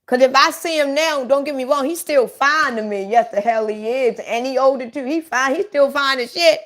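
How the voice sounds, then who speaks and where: A woman's voice: sits high, moderate pace, fairly bright tone. A middle-aged woman chatting casually on a livestream, telling blunt, profane stories straight to her viewers.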